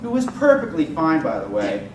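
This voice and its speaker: Male contest speaker, dramatic storytelling, expressive, distant mic, noisy room. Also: a little high, normal speed, roomy sound. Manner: vivid, expressive storytelling with rising excitement. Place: contest hall stage.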